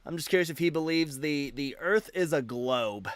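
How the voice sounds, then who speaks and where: A man's voice: on the high side, animated, normal speed, no echo. A man hosting a live debate stream, talking casually and animatedly, often repeating and restarting words. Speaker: livestream debate host.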